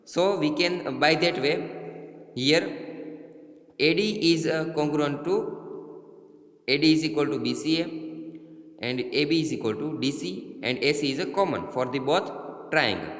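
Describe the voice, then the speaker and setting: A man with an Indian English accent teaching a maths lesson, halting and repeating himself with many fillers. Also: a little high, lively intonation. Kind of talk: classroom lesson. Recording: roomy echo, long reverb.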